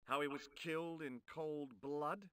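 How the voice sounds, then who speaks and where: A dry, sardonic game detective. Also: male voice, on the high side, steady tone, unhurried, sharp tone, clear, resonant tone, no room sound.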